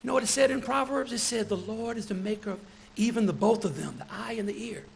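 A deacon preaching a sermon in a church, lively, chuckling between his points and calling out praise. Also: high-pitched, fast, vocal fry, a little hiss or hum, low-quality recording.

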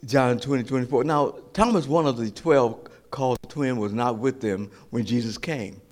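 A male pastor preaching a sermon, retelling scripture, swinging from loud emphasis to hushed whispers and often repeating and restarting phrases. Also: mid-range voice, moderate pace.

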